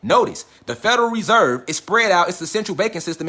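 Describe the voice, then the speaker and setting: A man hosts a casual online lecture over livestream, speaking directly to viewers, swearing often, asking them questions, and hammering his points with repeated "facts" and "all right?". His high voice is animated, pushed and bright, moving quickly with few pauses.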